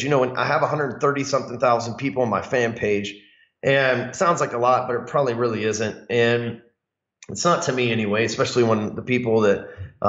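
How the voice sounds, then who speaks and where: A man, a sales coach, talking casually to camera about his goals. He is blunt and profane, calls himself hot-headed, and acts out callers with sudden loud jumps in pitch. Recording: echoey room, dull lo-fi sound.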